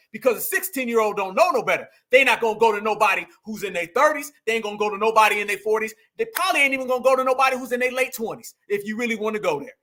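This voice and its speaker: Fired-up high-voiced male commentator. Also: sharp tone. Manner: emphatic, preachy, repeats lines for punch. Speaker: commentary show host.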